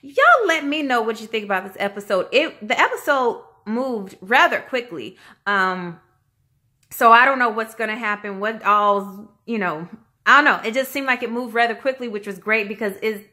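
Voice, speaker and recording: A woman vlogger giving a casual, chatty review, animated and slangy, acting out quotes in shifting voices. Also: fairly high pitch, moderate pace. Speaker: vlogger reviewing a reality show.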